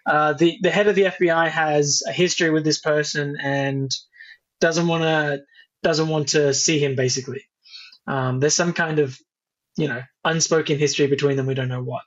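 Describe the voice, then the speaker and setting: Easygoing guy recapping a movie on a podcast, kinda high voice, muffled audio. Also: fairly even intonation, moderate pace. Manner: easygoing plot recaps with fillers. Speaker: podcast co-host. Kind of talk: casual chat.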